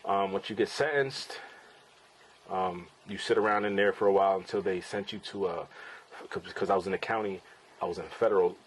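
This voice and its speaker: Low-voiced man telling a blunt story. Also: steady tone, fairly quick, slight background noise, low-quality recording. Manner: casual, blunt, swears freely, acts out quoted people. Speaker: podcast host and father. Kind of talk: candid personal storytelling.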